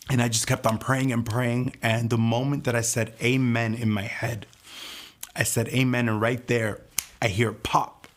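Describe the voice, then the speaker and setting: A young man giving an earnest, halting personal testimony, reliving events in the present tense. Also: medium pitch.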